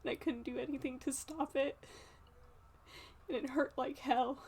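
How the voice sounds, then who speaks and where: A woman's voice: high voice, steady tone, normal speed, a little mellow, pitched above the performer's own voice. A woman voicing a grieving young man whose voice shakes as he speaks, in tabletop role-play dialogue. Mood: shaken, grieving. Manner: trembling, emotional speech.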